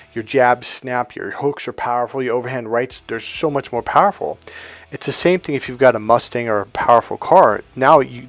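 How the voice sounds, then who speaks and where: In a mid-range voice with no room sound, a middle-aged dating coach speaks to camera. His style is blunt and emphatic: plenty of swearing and phrases repeated for stress.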